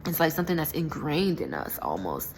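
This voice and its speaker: A young woman with a notably low voice talks through a personal story in a loose, rambling way, stopping and restarting often. A faint hiss sits under the recording. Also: huge pitch swings, brisk. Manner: rambling, filler-heavy, self-correcting. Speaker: spiritual vlogger. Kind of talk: casual storytelling monologue.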